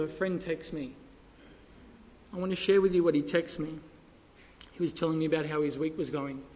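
A high-voiced man preaches with passion, shifting between hushed, intimate stretches and loud, ringing appeals. His voice rings out in a large hall with a long reverb tail. The sound is dull and lo-fi. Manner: impassioned, swings from hushed to loud. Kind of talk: sermon.

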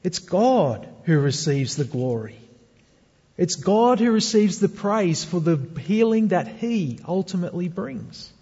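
A male pastor with a slightly high, warm, somewhat rough voice gives an earnest sermon, asking the congregation rhetorical questions. The recording sounds dull and has a long hall reverb.

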